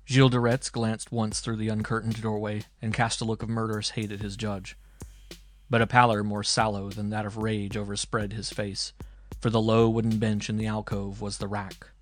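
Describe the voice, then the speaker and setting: A man narrating an audiobook in a deliberate, dramatic storytelling manner. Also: lowish voice. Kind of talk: audiobook reading.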